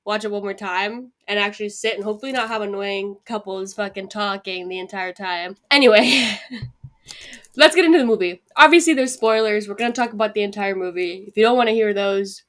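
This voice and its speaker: A young woman co-hosting a podcast, telling a story in an animated, casual way with plenty of swearing. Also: medium pitch, fairly quick. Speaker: podcast co-host. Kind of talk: casual chat.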